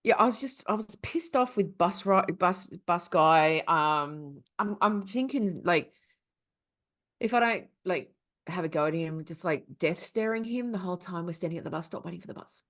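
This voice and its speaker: A woman's voice: lowish voice, moderate pace. Aussie woman co-hosting a podcast, telling stories, swears a lot, voice bouncing all over. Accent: Australian. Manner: animated storyteller, swears freely, laughs often. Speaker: podcast co-host. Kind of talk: casual chat, storytelling.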